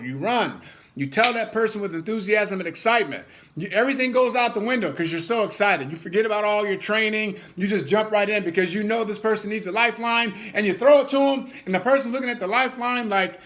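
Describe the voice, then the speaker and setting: A man with a fairly high voice delivers a motivational talk to a crowd. He talks emphatically, doubling words for stress and slipping into quoted voices of the people he describes. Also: expressive, moderate pace, fairly bright tone. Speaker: motivational speaker.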